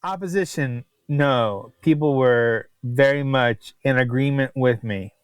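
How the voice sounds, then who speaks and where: A man, a food writer chatting as a podcast guest, telling stories with animated disbelief. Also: mid-range voice, a little slow, clear, resonant tone, no room sound. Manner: animated, incredulous storyteller. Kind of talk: casual podcast chat.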